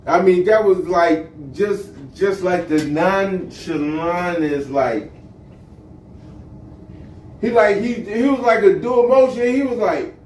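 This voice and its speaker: A man's voice: sits high, slow, a little mellow, recorded from a distance. A man co-hosting a casual podcast, talking bluntly and arguing, with plenty of swearing. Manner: blunt, argumentative, swears freely. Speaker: podcast co-host. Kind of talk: casual chat. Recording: roomy echo, off-mic, faint hiss.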